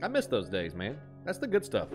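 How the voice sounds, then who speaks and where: A man's voice: on the low side, wildly swooping pitch, a little fast, music in the background. A man with an Appalachian twang, chatting casually while streaming a game, reading chat aloud and laughing easily.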